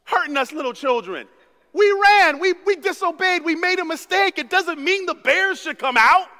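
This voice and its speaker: A man preaching a sermon as pastor, telling stories with big swings from hushed to shouting. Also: very high-pitched, expressive, moderate pace. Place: church sanctuary. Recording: long reverb of a church hall.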